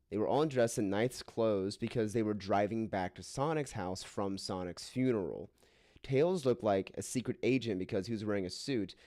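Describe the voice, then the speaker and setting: A man with a lowish voice performs a comic dramatic reading of a silly story, throwing himself into the characters' lines. The sound is dry and close to the mic, with no room around it. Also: dark tone, no echo. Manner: hammy voices for quoted lines, breaks into laughter. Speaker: co-host reading a fan fiction aloud.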